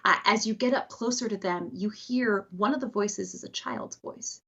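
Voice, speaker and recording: Husky-voiced woman game master. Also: medium pitch, moderate pace. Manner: lively, animated narration. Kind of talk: narrating a tabletop game. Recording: slightly dull lo-fi sound.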